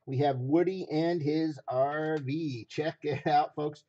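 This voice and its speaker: A hoarse man running a live stream auction, repeating phrases as he hypes each item from a basement room. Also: fairly high pitch, fairly even intonation, takes it slowly, warm tone, dull audio.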